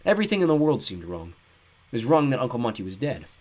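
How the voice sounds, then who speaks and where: Man, audiobook narration, animated pitch, wry, expressive. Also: fast. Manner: expressive storytelling, wry asides. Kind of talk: scripted narration.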